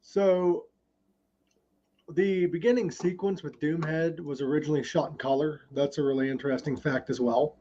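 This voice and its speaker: A man's voice: a little high, fairly even intonation, moderate pace, warm tone, lo-fi sound, slight background noise. A man hosting a casual podcast, reading film trivia with many ums. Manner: reads trivia with frequent ums. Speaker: podcast host.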